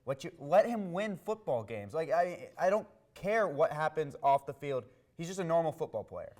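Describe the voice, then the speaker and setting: Young male co-host, opinionated sports debater, slightly higher voice, animated and repetitive. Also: moderate pace. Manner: animated, opinionated, repeats himself when making a point.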